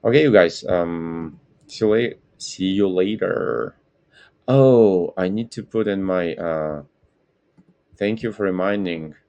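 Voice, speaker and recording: Slow, low, gravelly man talking markets. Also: a little mellow, highs cut off. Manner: rambling, self-correcting, apologetic. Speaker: trading stream host. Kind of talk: casual live market commentary.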